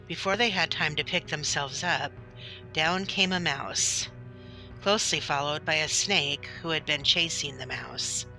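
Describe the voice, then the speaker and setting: A woman narrating a children's story in a gentle, deliberate way. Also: low voice, creaky. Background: soft background music.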